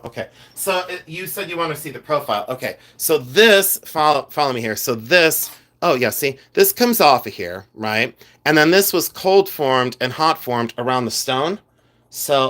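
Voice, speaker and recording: A silversmith with a slightly high, fairly bright voice hosts a casual live stream from his home studio. He's chatty and scattered, rambling to viewers and talking to chat while rummaging around.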